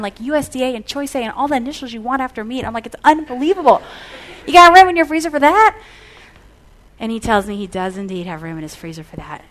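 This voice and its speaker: A middle-aged woman delivering a storytelling sermon, animating the dialogue as she recounts it. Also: a little high. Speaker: speaker.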